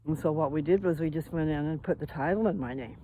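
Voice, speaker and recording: With a fairly high, fast, warm voice carrying a little hiss or hum, a man from Colorado rambles to his viewers. He walks along an outdoor path holding his phone to record this casual vlog.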